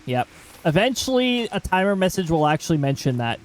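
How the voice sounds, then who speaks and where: A man's voice: high-pitched, very animated, brisk, faint music behind, low-quality recording. A man streaming a game live, chatting casually and self-mockingly and reading chat messages aloud.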